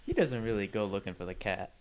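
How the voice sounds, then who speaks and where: A man's voice: on the low side, very animated, fast. A man co-hosting a comedy podcast, bantering in a mock-crotchety, playful way. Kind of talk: casual comedic chat.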